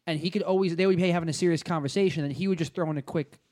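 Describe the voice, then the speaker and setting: A man's voice: on the high side, racing, a little mellow. A young man, a stand-up comedian, in casual podcast chat, rambling with lots of fillers and swearing. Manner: rambling, profane, many fillers and restarts.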